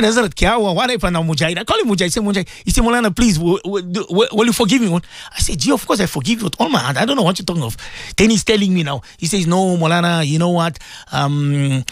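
Guy preaching on the radio, highish voice, dry close sound, keeps repeating himself. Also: dry recording. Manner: animated, repetitive storytelling with Arabic and Urdu phrases. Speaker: radio guest speaker. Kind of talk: storytelling religious talk on radio.

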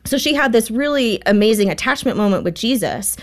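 A woman's voice: a little high, expressive, fairly quick. Earnest woman telling a story. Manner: earnest, storytelling, acts out quotes. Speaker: guest author. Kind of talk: storytelling in conversation.

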